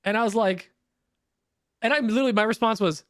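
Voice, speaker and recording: A man's voice: sits high, fast, fairly bright tone, dry recording. A young man co-hosting a podcast in casual chat, telling stories animatedly and laughing often. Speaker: podcast co-host.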